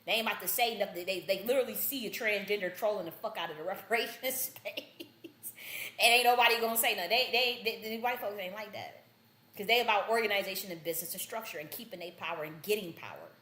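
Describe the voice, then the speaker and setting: A woman's voice: medium pitch, fast, sharp tone, roomy sound. Blunt, profane woman livestreaming. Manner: blunt, profane, rambling with many restarts. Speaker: livestream host.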